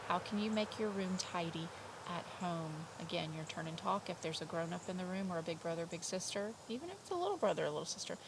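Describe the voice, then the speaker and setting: A young woman teaching vocabulary to kindergarteners from home, slow and clear with a sing-song, drawn-out delivery. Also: lowish voice, noisy background. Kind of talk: remote vocabulary lesson for young children.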